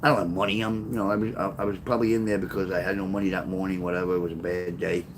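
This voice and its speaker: Profane, rambling New storyteller. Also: male voice, low voice, level tone, racing, noisy background. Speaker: author livestreaming to chat. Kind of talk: casual storytelling livestream.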